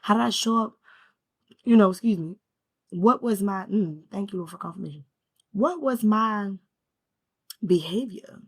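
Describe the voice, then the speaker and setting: A woman's voice: mid-range voice, unhurried, long pauses, slightly rough. A woman talking to the camera about her healing journey. She speaks from the heart in a reflective way, asks herself questions and keeps checking in with "right?". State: emotional, near tears at times. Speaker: spiritual vlogger. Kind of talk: reflective personal talk to camera.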